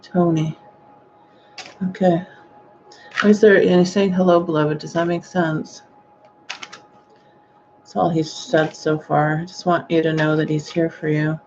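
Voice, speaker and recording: A woman giving a live-streamed psychic reading, speaking gently and hesitantly with frequent sighing exclamations. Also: low voice, flat delivery, measured pace, long pauses, lo-fi sound, a little hiss or hum. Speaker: psychic medium.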